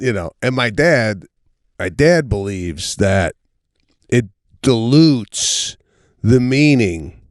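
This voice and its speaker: A man's voice: mid-range voice, no room sound, studio quality. A middle-aged man co-hosting a podcast in casual chat, telling family stories and acting out the quotes. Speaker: podcast co-host.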